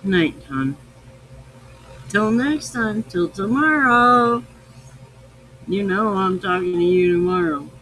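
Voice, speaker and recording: A man's voice: high voice, expressive, slow pace, pauses often, sharp tone, slight background noise, rough recording. A tipsy man hosting a live podcast, rambling, swearing freely and affectionate. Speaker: podcast host. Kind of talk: casual live-stream chat.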